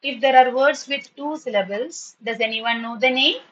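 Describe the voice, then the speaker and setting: A woman teaching an online English class, patiently spelling words and repeating them slowly. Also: high-pitched, highs cut off.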